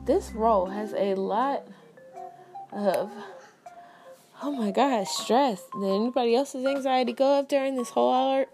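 A young woman hosting a casual solo podcast, frazzled and candid, a mother talking openly about her day. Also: medium pitch. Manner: frazzled, candid, breaks off to talk to her children.

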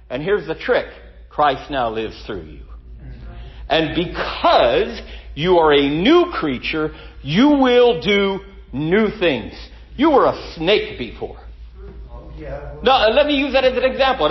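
A man preaching a sermon in a church, animated, with sudden loud emphasis. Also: high-pitched, highs cut off. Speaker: pastor.

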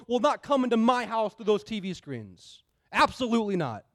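A man's voice: high-pitched, very animated, fairly quick, fairly bright tone. A male pastor preaching a sermon in a conversational way, repeating key phrases for emphasis.

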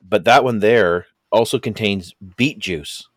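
A man's voice: on the low side, unhurried, dry recording. Laid-back Canadian man, dry close sound. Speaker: podcast co-host. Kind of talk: casual chat. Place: home basement.

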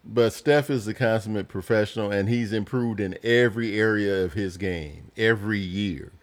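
A man's voice: lowish voice, normal speed. A middle-aged man co-hosting a casual sports podcast with his son, blunt and dismissive in argument, with a teasing edge. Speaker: podcast co-host, father.

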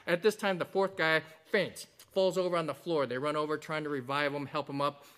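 Man preaching a lively sermon. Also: on the high side, brisk, clean tone. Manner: animated preaching with a told joke and acted quotes. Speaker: pastor.

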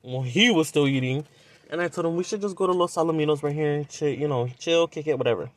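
A man's voice: a little high, quick pace, no echo. A young man from Southern California, telling a dating story on a podcast in a blunt, profane, casual way. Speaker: podcast host.

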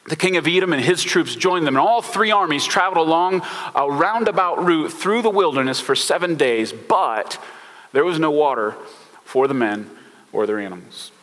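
Chatty pastor with a bright voice. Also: male voice, fairly high pitch, moderate pace, long reverb tail. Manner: relaxed, chatty, many fillers, informal slang. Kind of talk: casual conversational sermon.

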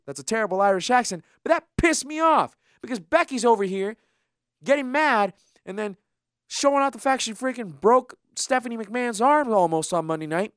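Animated, fired-up podcast co-host. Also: mid-range voice, normal speed, no room sound, clean studio sound. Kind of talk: casual wrestling podcast chat.

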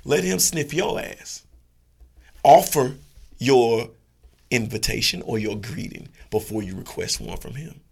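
A man voicing a calm, wise male dog therapist giving slow, patient advice. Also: medium pitch, creaky, breathy edge, exaggerated voice.

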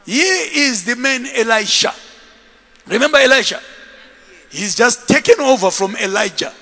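A man preaches a sermon in a very high, bright voice, acting out the stories he tells. His pitch leaps and falls all the time. A long reverb from the hall hangs behind him. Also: moderate pace. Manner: animated storytelling, acting out scenes. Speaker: bishop and preacher.

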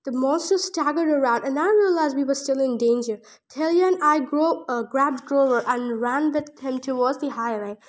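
A woman's voice: high-pitched, normal speed, few pauses. A woman reading a novel aloud for her podcast, stumbling over words and breaking off with emotional asides. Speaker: audiobook reader and podcast host.

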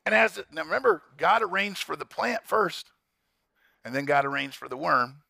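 Animated, bright-voiced male preacher. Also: fairly high pitch, normal speed, vocal fry, dry recording, clean studio sound. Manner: animated, conversational, rhetorical questions to the congregation. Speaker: pastor. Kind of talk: sermon.

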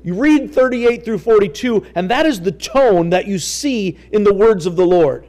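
A male pastor preaching a sermon in a church, deliberate and emphatic, leading his congregation to repeat after him. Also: sits high, animated, warm tone. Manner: deliberate, emphatic, leads the congregation in call-and-response.

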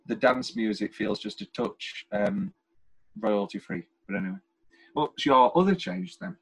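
A man's voice: medium pitch, husky. A man co-hosting a podcast, chatting casually and enthusiastically about a film, rambling with restarts. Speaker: podcast co-host. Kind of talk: casual film review chat.

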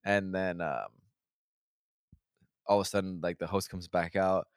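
A man's voice: low-pitched, fairly even intonation, measured pace, clear, resonant tone, dry recording, clean studio sound. A young man casually telling a long, profane story on a podcast, rambling with many restarts and acting out what people said. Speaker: podcast host.

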